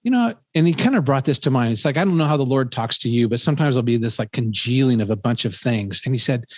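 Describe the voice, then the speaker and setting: A man's voice: mid-range voice, lively intonation, fast talker, no room sound. A man in his fifties, a professor, telling a story in casual conversation, earnest and rambling with lots of fillers and restarts. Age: 50s. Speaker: professor and podcast host.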